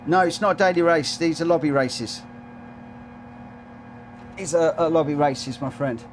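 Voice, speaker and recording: A man's voice: a little high, a little slow, soft background music. A man from the United Kingdom commentating his live racing game stream, chatting to viewers and reading out the race results.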